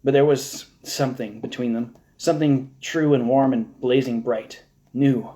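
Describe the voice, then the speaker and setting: A man reads a novel aloud live, keeping a steady, measured pace. His voice is mellow and warm, sitting at an ordinary pitch. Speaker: novel reader. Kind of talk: live audiobook reading.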